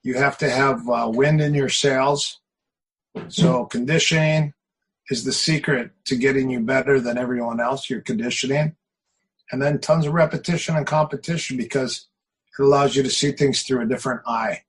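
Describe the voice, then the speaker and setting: Middle-aged male coach, husky voice, lively storyteller who repeats himself for emphasis. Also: mid-range voice, normal speed, low-quality recording. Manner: animated, repeats phrases for emphasis, tells anecdotes. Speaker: martial arts coach. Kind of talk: casual interview talk.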